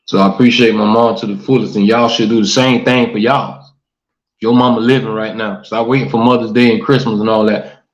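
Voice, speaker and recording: A man's voice: lowish voice, fairly even intonation, fairly quick. A man hosting a casual livestream talk show, reading comments and preaching earnestly to his viewers, often saying "man" and "y'all". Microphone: livestream mic. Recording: echoey room, dull lo-fi stream audio.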